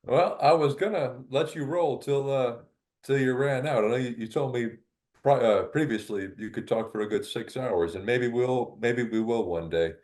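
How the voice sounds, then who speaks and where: A man's voice: medium pitch, normal speed, a little mellow. A man hosting a casual interview, asking easygoing questions with small hesitations. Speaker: podcast host.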